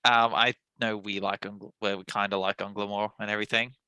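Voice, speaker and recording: Male player, very bright sharp tone, dry sound, blunt casual talk. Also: lowish voice, level tone, smooth, no echo. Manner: blunt, quick retorts. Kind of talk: casual tabletop play.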